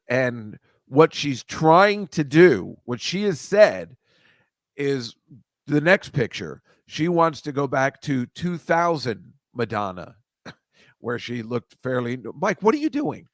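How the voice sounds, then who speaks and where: A man's voice: medium pitch, very animated, slow pace, no room sound, studio quality. A man hosting a casual comedy chat show, rambling and self-deprecating, stammering and restarting as he goes. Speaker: host.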